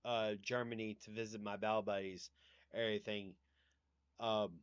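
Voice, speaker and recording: A man's voice: fairly low pitch, little pitch movement, moderate pace, smooth, no echo, muffled recording. A man with a Southern US accent, hosting a livestream in casual, rambling chat and swearing casually. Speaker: livestream host.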